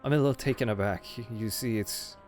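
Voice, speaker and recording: A man's voice: lowish voice, fast, a little mellow, faint music behind, lightly acted. A man voicing a flustered, stammering parent who is searching for a missing child.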